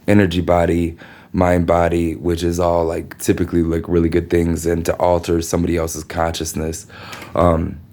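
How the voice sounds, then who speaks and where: A man's voice: deep voice, darkish tone, a little hiss or hum. A man from the United States talking through a meandering personal monologue, swearing often and leaning on fillers. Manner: meandering, profane, many fillers.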